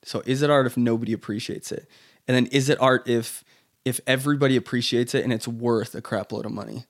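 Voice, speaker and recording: A man's voice: mid-range voice, steady tone, fast. A man as a podcast guest, talking loosely with lots of fillers and restarts. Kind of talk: casual conversation.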